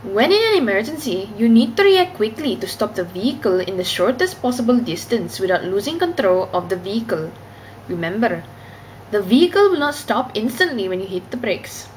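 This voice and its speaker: A woman's voice: medium pitch, sing-song, brisk, slight background noise, natural voice, rough recording. Woman doing an Indian-accented manual reader. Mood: formal. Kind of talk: read-aloud script.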